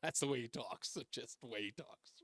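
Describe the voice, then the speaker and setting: A man's voice: mid-range voice, normal speed, fairly bright tone, dry recording. A man hosting a talk radio show, joking and emphatic as he takes calls on a studio microphone. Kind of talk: talk radio monologue and call-in.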